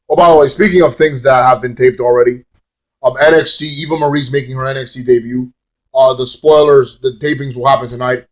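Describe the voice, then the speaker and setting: A man giving a casual, rambling, sarcastic vlog review of a wrestling show, swearing freely. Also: mid-range voice.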